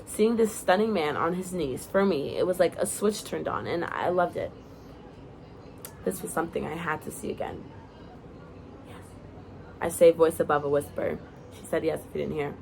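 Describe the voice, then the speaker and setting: A woman's voice: on the low side, a little fast, vocal fry, slight background noise, poor audio. A young woman casually reading her own story aloud to viewers, breaking off into giggly, chatty asides.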